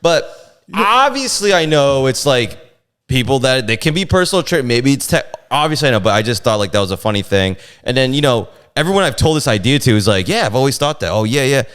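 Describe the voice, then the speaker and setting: A man's voice: mid-range voice, brisk, smooth. A man, a comedian, telling stories in a casual podcast chat and acting out quotes in exaggerated voices. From New York. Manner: animated storytelling, acts out quotes in exaggerated voices. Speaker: comedian guest.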